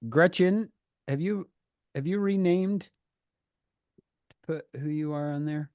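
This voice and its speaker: A man's voice: on the high side, slow, warm tone, clean tone, no room sound. A man hosting a youth group on a video call, greeting each person in a playful, teasing way. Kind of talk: casual chat on a video call.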